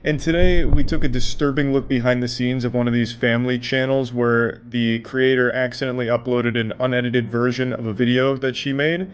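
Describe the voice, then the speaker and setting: A man's voice: medium pitch, fairly even intonation, fairly quick, few pauses, muffled recording, slight background noise. A man giving sarcastic, profane reaction commentary in a dry delivery. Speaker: commentary streamer.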